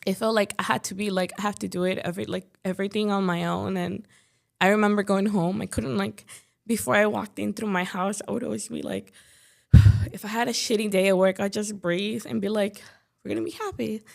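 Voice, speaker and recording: Young chicago woman on a podcast, creaky fry voice, says like a lot. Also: mid-range voice, fairly even intonation, brisk. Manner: talkative, leans heavily on "like" and "you know". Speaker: podcast guest. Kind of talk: casual interview chat.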